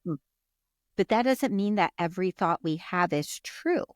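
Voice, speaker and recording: A woman's voice: on the low side, lively intonation, normal speed, no echo, studio quality. A woman co-hosting a casual chat, talking freely with many fillers. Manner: giggly, chatty, frequent "like" and "um". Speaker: podcast co-host.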